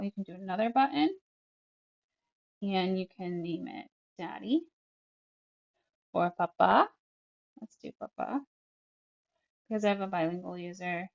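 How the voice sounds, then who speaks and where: On a muffled recording, a medium-pitched woman who works as a speech-language pathologist narrates an app tutorial. She's chatty, explains each tap as she goes, and uses many fillers.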